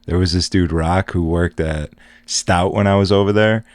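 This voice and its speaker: Podcast host, male, very low voice, laid-back and swearing, dry room. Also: steady tone, normal speed, no echo. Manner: laid-back, profane storytelling. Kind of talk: casual chat.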